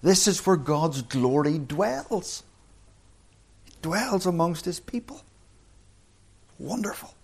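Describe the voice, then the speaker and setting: A man preaching a sermon, earnest, slowing down and rising in pitch when quoting scripture. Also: creaky, darkish tone, slightly rough. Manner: earnest, slows and rises on scripture quotes.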